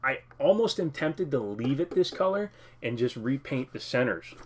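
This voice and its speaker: A man's voice: medium pitch, sing-song, normal speed, slightly rough. A man in a casual vlog, rambling and joking as he shows off games he bought. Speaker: game collector vlogger. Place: home living room.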